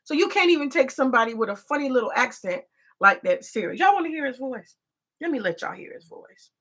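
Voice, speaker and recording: A woman's voice: sits high, animated, brisk, bright, forceful tone. A woman hosting a rambling, profane commentary, emphatic and repetitive, full of rhetorical questions. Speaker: commentary host.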